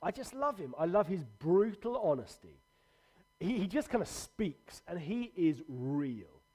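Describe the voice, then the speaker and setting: A man's voice: sits high, big pitch swings, a little slow, mellow, slightly rough. A man pastor giving a livestreamed church sermon, earnest and conversational with emphatic repetition.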